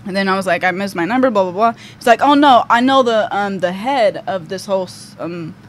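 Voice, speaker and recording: Chatting as a podcast guest, this young woman relates a story loaded with fillers such as "like" and "um." Her mid-range voice moves with lively intonation at a brisk clip, over faint background noise.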